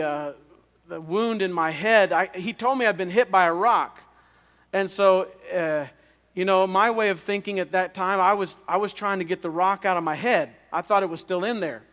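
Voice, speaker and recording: A man, a pastor, preaching a revival sermon as an earnest personal testimony, often halting and repeating words. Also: high voice, fairly bright tone, smooth. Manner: earnest storytelling with halting restarts. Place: chapel. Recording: long reverb of a chapel.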